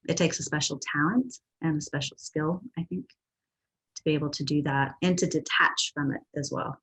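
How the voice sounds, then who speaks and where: A woman hosting an interview, calm and affirming as she listens and asks questions. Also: sits low, moderate pace, husky, poor audio. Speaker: podcast host. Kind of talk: casual interview.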